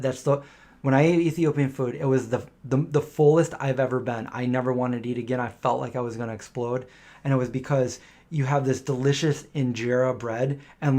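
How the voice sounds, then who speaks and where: A man's voice: medium pitch, a little mellow. A middle-aged man hosting a casual live question-and-answer stream, telling rambling anecdotes and acting out the voices of people he quotes.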